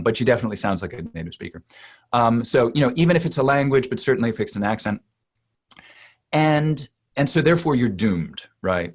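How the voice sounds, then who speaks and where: A man, a dialect coach answering interview questions in a thoughtful, searching way. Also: fairly low pitch. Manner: thoughtful, with many fillers and restarts.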